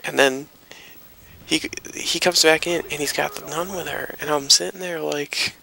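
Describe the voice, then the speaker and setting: A man's voice: on the high side, fairly even intonation, moderate pace, gravelly, sharp tone, slight background noise, low-quality recording. A young man telling a rambling story with plenty of swearing as he talks over gameplay. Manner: rambling, swearing, loose anecdotal delivery. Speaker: gaming commentator.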